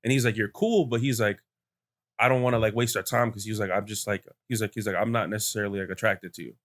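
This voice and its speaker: Animated young man retelling a story. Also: fairly low pitch, fast. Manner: animated retelling with lots of "like" and quoted voices. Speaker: podcast host. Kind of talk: casual chat, storytelling.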